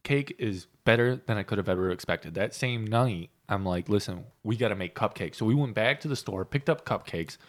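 A man's voice: lowish voice, normal speed, hardly any pauses. A man co-hosting a casual podcast from a home loft, telling rambling stories with plenty of swearing. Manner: profane, rambling storytelling. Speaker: podcast co-host. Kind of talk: casual chat.

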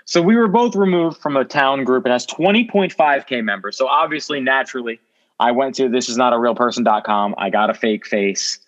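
A man's voice: mid-range voice, brisk, fairly bright tone. A young man co-hosting a podcast over a remote connection, earnest and a bit bewildered. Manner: earnest, bewildered, with frequent restarts. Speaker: podcast co-host. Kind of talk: casual podcast chat. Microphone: remote call. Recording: dull remote audio line.

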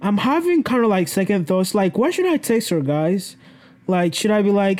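A man's voice: extremely high pitch, very animated, measured pace. A young man vlogging casually to his camera, telling a story in a rambling, self-correcting way, swearing freely and laughing often.

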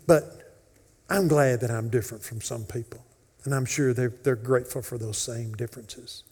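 A husky-voiced pastor delivers a sermon in a church sanctuary. He swings between ringing, emphatic declarations and hushed whispers, and his voice trails off into the long reverb of a large hall. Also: medium pitch, fairly even intonation, normal speed.

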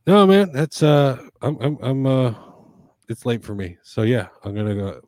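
A man's voice: medium pitch, big pitch swings, normal speed, darkish tone, no echo, clean studio sound. A man co-hosting a casual podcast chat, rambling and swearing freely, with lots of restarts. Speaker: podcast co-host.

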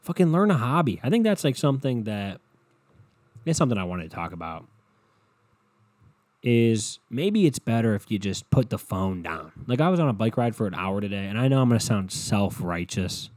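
A man's voice: very animated, moderate pace, no room sound. Profane, exasperated man ranting. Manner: profane, exasperated, swings between low mutters and loud outbursts. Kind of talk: casual comedic rant.

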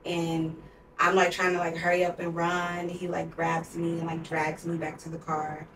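A woman's voice: on the low side, completely flat delivery, moderate pace, noisy background. A young woman in her twenties, a podcast co-host, telling a personal story in a candid, emotional way, with heavy use of "like.". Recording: roomy sound, distant from mic.

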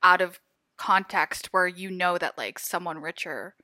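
A young woman chatting with friends, telling stories in a relaxed way. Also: on the low side, a little slow, dry recording. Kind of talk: casual chat among friends.

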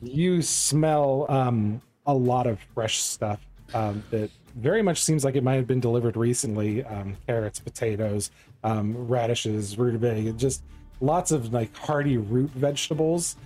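A man's voice: medium pitch, a little slow, warm tone, soft background music. A man narrating as game master in a tabletop game, loose and rambling with frequent ums.

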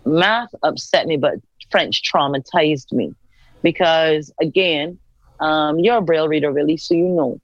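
A woman's voice: low voice, measured pace, no room sound. A woman from Barbados, a senator telling her own stories as an interview guest and acting out the dialogue. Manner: animated storyteller, acts out quoted dialogue. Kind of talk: casual storytelling interview. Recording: dull, dry recording.

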